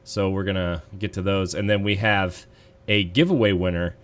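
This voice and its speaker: Deep-voiced relaxed podcast host man. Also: normal speed. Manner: relaxed, rambling, lots of fillers. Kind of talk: casual podcast chat.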